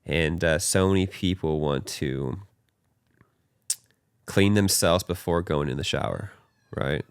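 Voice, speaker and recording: Young male podcast host, deep and gravelly, earnest and animated. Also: takes it slowly, no echo, studio quality. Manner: earnest, animated, talks with his hands in quoted voices. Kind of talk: casual faith chat.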